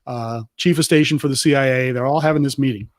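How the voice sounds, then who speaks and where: A man who is a military veteran, telling a story with lively acted-out quotes on a podcast. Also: mid-range voice, quick pace, dry recording, studio quality. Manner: lively anecdote teller, acts out quotes. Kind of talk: animated storytelling in casual chat.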